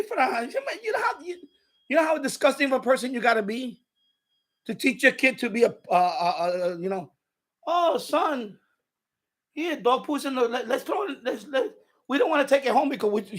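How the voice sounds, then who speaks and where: A man hosting a livestream, casually and bluntly retelling a quarrel with a neighbor, with profanity and animated quoted lines. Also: very high voice. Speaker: radio hobby livestream host.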